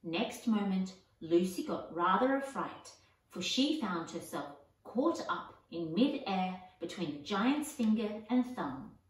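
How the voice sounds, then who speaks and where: A woman reading a children's storybook aloud in a gentle, expressive way. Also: mid-range voice, takes it slowly. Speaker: audiobook reader. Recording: echoey, distant mic.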